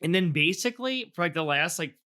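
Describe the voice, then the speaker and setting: A man's voice: fairly high pitch, expressive, fairly quick, sharp tone. A man co-hosting a podcast, recapping a film in loose, rambling casual chat full of fillers. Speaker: podcast co-host. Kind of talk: casual movie review chat.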